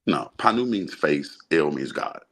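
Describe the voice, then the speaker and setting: A man from Alabama with an extremely deep, husky voice. He talks through ideas in a relaxed, unhurried way, often pausing to ask "right?". He sounds like one half of a casual podcast chat. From Birmingham, Alabama, US. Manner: explains slowly, often checks in with "right?". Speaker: podcast co-host discussing the Bible.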